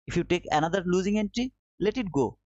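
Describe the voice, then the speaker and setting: A man whose isn't teaches a live trading lesson in a slightly high voice. He circles back on his points and coaxes his viewers. The audio is dry and somewhat dull, like a lo-fi stream. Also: animated, quick pace, a little mellow, dry recording. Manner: repetitive, coaxing, addresses viewers as brother. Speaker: trading livestream host.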